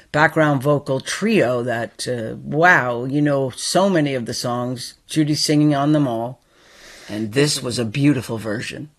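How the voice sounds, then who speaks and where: Man, radio DJ, relaxed casual hosting, slightly high voice, easygoing fillers. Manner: laid-back, warm sign-off talk with fillers.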